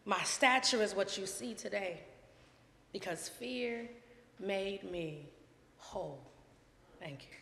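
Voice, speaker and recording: A woman performing spoken word poetry at a gallery event, dramatic, swelling from hushed lines to loud ones. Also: medium pitch, slow, gravelly, pauses often, very noisy. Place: art gallery event before a live audience. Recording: echoey room with long reverb.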